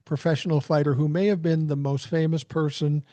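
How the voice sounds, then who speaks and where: A man co-hosting a casual podcast, telling animated stories and swearing freely. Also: fairly high pitch, a little fast, no echo, lo-fi sound. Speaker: podcast co-host. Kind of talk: casual storytelling chat.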